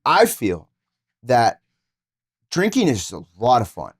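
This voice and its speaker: A man hosting a casual podcast, with a lively voice that swings up and down as he teases the others. He swears easily and pushes his points with playful mock outrage. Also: mid-range voice, takes it slowly, breathy edge. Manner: teasing, animated, swears casually. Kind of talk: casual chat.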